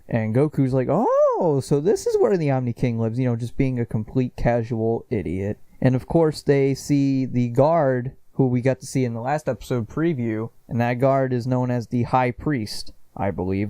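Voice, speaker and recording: A man's voice: mid-range voice, mellow, dry recording. A man reviewing an anime episode in a chatty, casual way, with lots of fillers, swearing and laughs.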